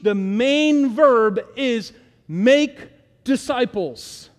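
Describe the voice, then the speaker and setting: A middle-aged male pastor preaching with a high voice, conversational one moment and emphatic the next. He slows down to stress key words and calls on the room to repeat lines with him. His voice rings with a long reverb from the hall. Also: very animated. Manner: conversational, asks the congregation to repeat lines aloud. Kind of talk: sermon.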